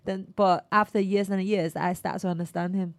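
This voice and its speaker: A woman chatting casually in halting English with non-native grammar. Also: mid-range voice, fairly even intonation, dry recording. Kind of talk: casual chat.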